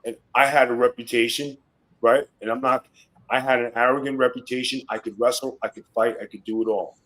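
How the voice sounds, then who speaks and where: A middle-aged man, a guest on a podcast, telling wrestling stories in rough, swearing-heavy casual talk. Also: mid-range voice, little pitch movement, brisk, fairly bright tone, rough recording. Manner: profane, boastful storytelling.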